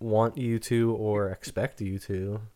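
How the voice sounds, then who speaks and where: A man's voice: lowish voice, little pitch movement, slow pace, dark tone. A man co-hosting a podcast in casual comedic chat, dry and teasing. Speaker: podcast co-host.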